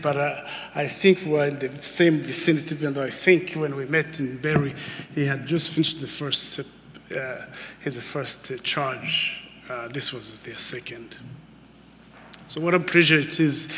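Guest preacher, man in his 50s, unhurried, ringing delivery, big hall echo. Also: fairly high pitch, slight background noise. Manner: excitable, emphatic, folksy asides to the congregation. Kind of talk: sermon. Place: church sanctuary. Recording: long church hall reverb.

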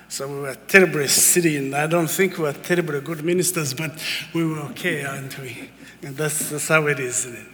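A man in his fifties preaching a sermon as a guest preacher, excitable and emphatic with folksy asides to the congregation, in a church. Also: a little high. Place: church sanctuary. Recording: long church hall reverb.

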